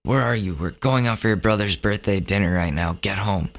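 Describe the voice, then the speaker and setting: A man's voice: fairly low pitch, fairly quick, lightly acted. A man voicing his suspicious, nagging mother in a casual retelling. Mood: stern.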